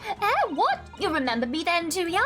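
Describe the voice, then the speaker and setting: A woman voicing a scrappy young female pickpocket in a video game, putting on a Cockney accent and talking loudly and defiantly. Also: very high-pitched, wildly swooping pitch, normal speed, over music, pitched above the performer's own voice, exaggerated voice. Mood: brash. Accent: attempted Cockney. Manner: loud, brash, defiant.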